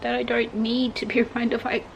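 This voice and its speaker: A woman's voice: a little high, flat delivery, fairly quick, vocal fry, highs cut off, slight background noise. A young woman chatting casually and emotionally as she reacts to an album, gushing about the songs. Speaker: vlogger reacting to music. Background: pop music playing.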